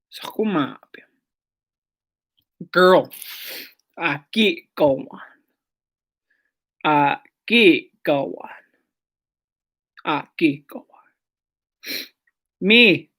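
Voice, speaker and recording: A language teacher leading a lesson, saying each word several times and explaining how it is stressed, sometimes dropping to a whisper on a repeat. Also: medium pitch. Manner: explains pronunciation patiently with short asides.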